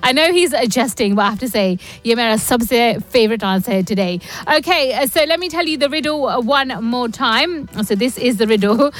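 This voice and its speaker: A woman's voice: fairly high pitch, lively intonation, fairly quick, hardly any pauses, soft background music. A woman radio host, chatting casually between songs and slipping Hindi words into her English.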